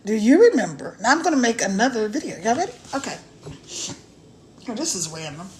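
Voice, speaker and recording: High-pitched woman going live on her phone, chatty, laughs a lot. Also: a little fast, a little hiss or hum. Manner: chatty and animated, laughs often. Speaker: online business promoter. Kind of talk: casual live-stream chat.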